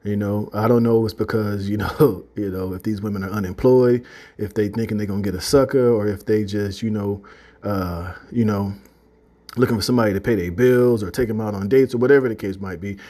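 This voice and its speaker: A man's voice: lowish voice, fairly even intonation, fairly quick, warm tone. A man giving a loose, conversational religious testimony to his listeners, full of "you know" and "man". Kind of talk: casual spoken testimony.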